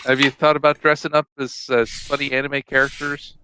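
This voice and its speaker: A man's voice: medium pitch, level tone, fairly quick, pushed and bright, clear, resonant tone, low-quality recording. A man co-hosting a podcast, talking in a dry, nerdy, self-deprecating way. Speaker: podcast co-host. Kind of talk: casual chat.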